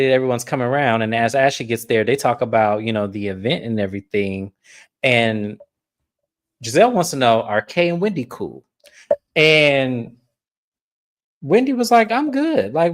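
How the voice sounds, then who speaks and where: A woman giving a casual, profane recap of a reality TV episode, telling the story with energy and acting out cast members' lines. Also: extremely low pitch. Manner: animated storytelling with swearing. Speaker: podcast co-host.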